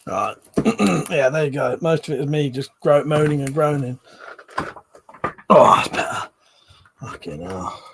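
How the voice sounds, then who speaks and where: A man's voice: fairly high pitch, lively intonation, normal speed, gravelly, a little hiss or hum. A man hosting a casual live stream, joking and swearing freely as he chats to viewers. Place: indoors at home, seated low in a chair.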